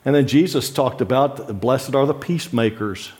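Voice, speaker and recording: A man's voice: medium pitch, moderate pace, darkish tone. Man preaching a conversational sermon. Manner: conversational teaching with frequent rhetorical questions and light laughs. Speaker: pastor. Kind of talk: sermon teaching.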